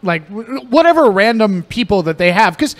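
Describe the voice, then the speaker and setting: A man co-hosting a casual radio chat who keeps chiming in with sarcastic jokes. His voice sits high and swings around a lot. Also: big pitch swings, moderate pace. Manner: joking, chiming in with sarcastic asides. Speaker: podcast co-host.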